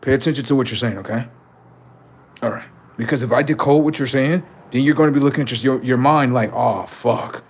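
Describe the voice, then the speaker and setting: A man's voice: medium pitch, quick pace. A man on a live stream, chatting casually and swearing, then lecturing his viewers insistently about number codes.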